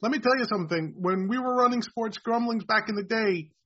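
A man with a New York accent hosting a casual sports podcast, effusive and rambling, with many halting restarts. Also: high voice. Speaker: podcast host, site founder. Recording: dull lo-fi sound.

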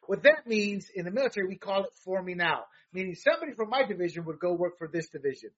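A man with a high, husky voice talks politics in a heated, halting way, full of fillers and restarts. The recording sounds dull and lo-fi. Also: expressive, fairly bright tone. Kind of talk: casual political talk.

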